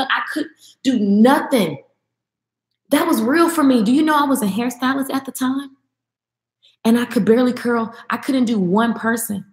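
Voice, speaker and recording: A woman vlogger talks straight to her viewers with fiery, emphatic conviction, hammering points home by repeating them. Her voice sits a little high. The room around her is noticeably echoey. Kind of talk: motivational talk to camera.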